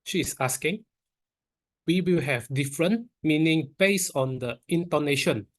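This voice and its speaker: A man moderating an online Q&A session, reading out audience questions in a plain, steady way. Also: fairly high pitch, unhurried.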